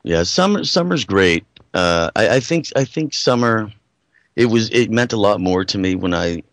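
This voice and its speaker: A man from New York, working as a radio producer, talking casually in a rambling, halting way with lots of filler. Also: on the low side, animated, a bit bright, no room sound, clean studio sound. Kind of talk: casual live radio chat.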